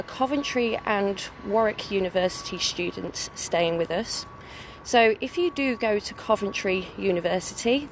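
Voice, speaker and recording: A British woman who manages student halls gives a friendly, chatty live walking tour, streaming from a phone she holds. Her medium-pitched voice is full of "so" and "um" fillers. The tour starts on a city street outside a building, moves into its reception, and background noise is audible.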